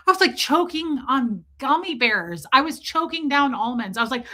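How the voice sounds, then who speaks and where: Bright-voiced woman ranting to her stream chat. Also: high voice, brisk, few pauses. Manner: animated, profane, ranting, reads chat names aloud. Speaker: livestream host. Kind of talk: casual comedic storytelling to live chat.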